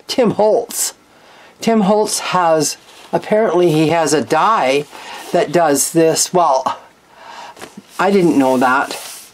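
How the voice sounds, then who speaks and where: Craft-channel host, woman, deep-ish voice, unhurried, chatty and rambling with candid asides, faint hiss behind her. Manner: chatty, meandering, frank asides. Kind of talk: casual craft show-and-tell.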